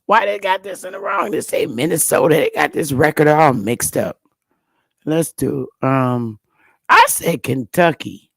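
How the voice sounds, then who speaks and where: A woman hosting a casual livestream, talking bluntly with profanity and excited exclamations. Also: sits low, a little slow, creaky, husky, no echo. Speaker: livestream host.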